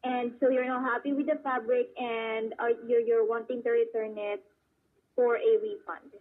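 Woman call-centre agent, higher voice, husky, hesitant and polite, tinny phone line. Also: flat delivery, moderate pace. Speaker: customer service agent.

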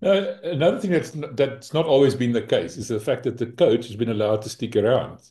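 A man's voice: mid-range voice, expressive, brisk, mellow. A man hosting a casual interview, asking conversational questions. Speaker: podcast host. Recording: echoey room sound.

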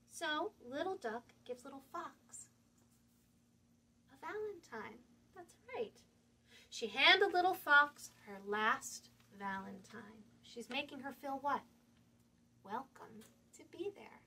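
Brief: children's librarian, woman, bright animated voice, unhurried read-aloud full of questions for the kids. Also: sits high. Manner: animated, sing-song, asks young listeners questions. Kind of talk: reading a picture book aloud to children.

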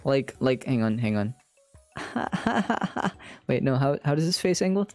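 A man's voice: medium pitch, big pitch swings, unhurried, no room sound, soft background music. A man streaming a game, chatting playfully and swearing while reading lines aloud. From India. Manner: playful, swears, laughs a lot.

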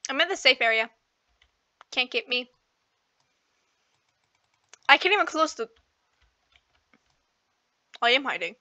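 A woman's voice: high-pitched, animated, slow, pauses often, sharp tone. A woman playing a video game with a friend, giggly and playful in casual banter. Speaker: gamer.

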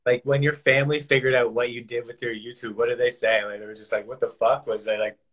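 A man of middle pitch talks loosely on a livestream. He swears, leans on slang and keeps calling his friend bro. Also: level tone, fast, fairly bright tone. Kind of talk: casual livestream chat.

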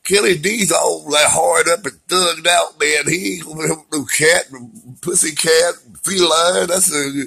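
A man's voice: a little high, normal speed, vocal fry, sharp tone, breathy edge, poor audio. A middle-aged man talking through his recovery in a rambling, heartfelt, slangy monologue. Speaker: vlogger sharing recovery story. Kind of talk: emotional personal monologue.

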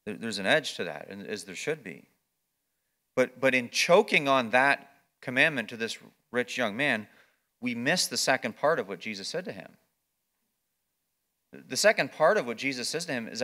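Pastor, male, bright tone, mid pitch; earnest sermon delivery, quiet teaching rising to emphatic preaching, frequent restarts. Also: lively intonation, moderate pace, pauses often. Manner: swings between quiet explaining and raised emphatic passages. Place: church or campus ministry gathering.

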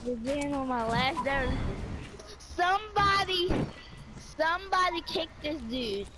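Trash-talking woman over loud game noise. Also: high voice, expressive, a little slow. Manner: loud trash talk, swearing. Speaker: game streamer. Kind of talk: casual chat while gaming.

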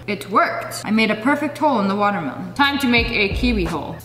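A woman's voice: medium pitch, lively intonation, fairly quick, a bit bright. A woman hosting a casual vlog, talking in a playful, jokey and exclamatory way. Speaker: YouTube host. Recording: echoey room with music behind.

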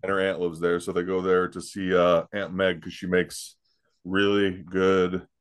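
A man's voice: deep voice, little pitch movement, smooth. Jokey man chatting about movies. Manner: quick, jokey, quotes the film with raised voice. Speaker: podcast co-host. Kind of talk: casual movie discussion.

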